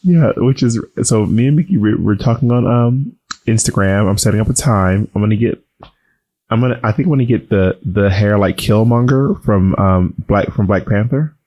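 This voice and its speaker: Subdued campy man, low voice. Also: moderate pace, dull audio. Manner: campy, sassy slang. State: subdued voice recovering from surgery. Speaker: podcast co-host. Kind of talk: casual chat.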